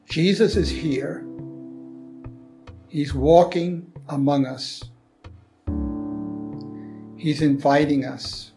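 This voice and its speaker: A man delivers an unhurried, prayerful teaching, leaning on gentle rhetorical questions. His voice sits slightly high for a man, and faint music plays quietly underneath. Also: gravelly. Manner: slow, earnest, with rhetorical questions. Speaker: Christian teacher.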